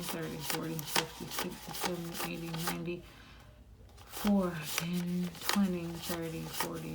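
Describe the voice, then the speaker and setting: A woman hosting a budgeting vlog, quietly counting cash aloud and chatting casually to viewers between counts. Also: fairly low pitch, gravelly. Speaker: budgeting channel host. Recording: noisy home recording.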